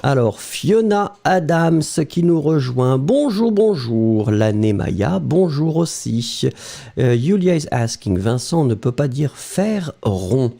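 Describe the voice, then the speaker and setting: A man's voice: mid-range voice, sing-song, unhurried, creaky, warm tone. A man with a French accent teaching a live online language lesson, explaining patiently and greeting viewers by name.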